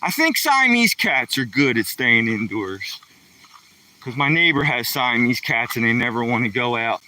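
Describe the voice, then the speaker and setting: Folksy guy rambling on his livestream, really bright voice, dry sound, a bit back from the mic. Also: medium pitch, sing-song, normal speed, dry recording, distant mic. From Pennsylvania. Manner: rambling, folksy, talks to chat viewers by name. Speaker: livestreaming vlogger. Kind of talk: casual livestream chat. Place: outdoors by a lake, walking a dog.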